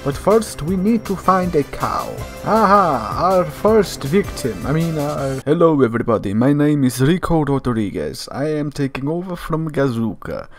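Casting: male gamer putting on a swaggering action hero, hammy fake Latin accent, pitch swinging wide. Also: expressive, moderate pace, hardly any pauses, faint music behind, close to an everyday voice. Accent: put-on, faltering foreign accent. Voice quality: boastful, hammy, drops to low mutters for asides. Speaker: gaming YouTuber. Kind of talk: comedic gameplay commentary in character.

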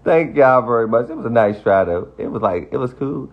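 A man's voice: mid-range voice, expressive, fairly quick, highs cut off. A man delivering a defiant, profane livestream rant, repeating himself as he dismisses the people criticizing him. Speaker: social media personality.

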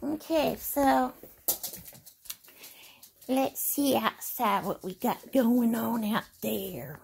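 A woman's voice: fairly high pitch, very slow, gravelly, a little mellow, a little hiss or hum. A woman in a casual home vlog, talking in a sing-song way as if to a child. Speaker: vlogger.

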